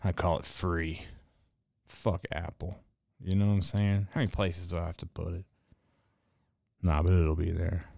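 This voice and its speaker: A man hosts a podcast in casual, rambling chat, swearing often and slipping into heated rants. His low-pitched voice is flat, creaky, darkish, and moderately paced with long pauses. The sound is clean studio audio with no room sound.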